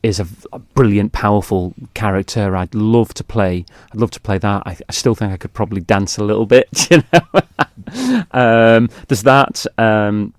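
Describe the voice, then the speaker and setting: A man's voice: on the low side, moderate pace, dry recording, studio quality. A middle-aged man from the Isle of Man, an actor guest telling chatty, self-mocking anecdotes in a radio interview. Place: radio studio.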